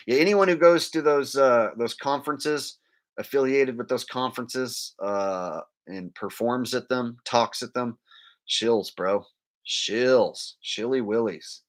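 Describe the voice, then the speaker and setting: A man's voice: mid-range voice, takes it slowly. A man ranting bluntly during a live stream, full of fillers and scornful asides.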